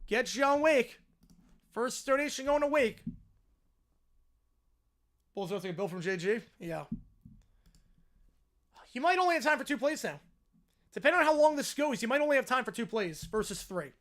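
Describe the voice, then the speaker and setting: High, lively man yelling at a game. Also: normal speed, long pauses. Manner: excitable, yells at the screen, then chats with viewers. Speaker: streamer doing live play-by-play. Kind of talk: live play-by-play and reaction stream.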